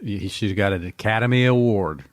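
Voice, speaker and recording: A man's voice: fairly low pitch, fairly quick. A man co-hosting a podcast, joking around in short casual remarks. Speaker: podcast co-host. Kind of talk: casual chat.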